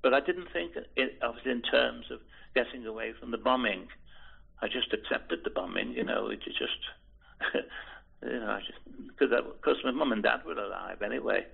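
An older man from Liverpool reminiscing in an interview, speaking in a halting, hesitant way with many restarts and repeated words. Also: mid-range voice, creaky, breathy edge. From Liverpool, England. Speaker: oral history interviewee. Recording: tinny phone-like lo-fi recording.

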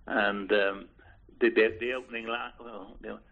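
An older man from Liverpool reminiscing in an interview, speaking in a halting, hesitant way with many restarts and repeated words. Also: on the low side, little pitch movement. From Liverpool, England. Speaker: oral history interviewee. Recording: tinny phone-like lo-fi recording.

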